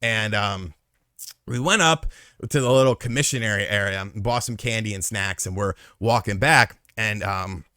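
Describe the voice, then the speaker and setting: A man around thirty telling a story casually, acting out the quotes with big jumps in loudness and swearing freely. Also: normal speed, no echo, clean studio sound. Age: late 20s or 30s. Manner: animated, acts out quotes with big swings in pitch and volume, swears freely.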